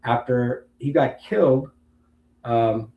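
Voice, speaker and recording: A man's voice: medium pitch, slow, phone-quality sound. Man, late fifties, veteran interview guest, rambling storyteller, reverberant room. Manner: long-winded storyteller who acts out other people's lines. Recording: roomy with faint background hum.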